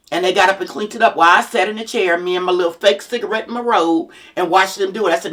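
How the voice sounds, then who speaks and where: A woman's voice: a little high, fast, pushed and bright. A woman, a mother of grown children, giving a blunt, plain-spoken motivational talk to single parents.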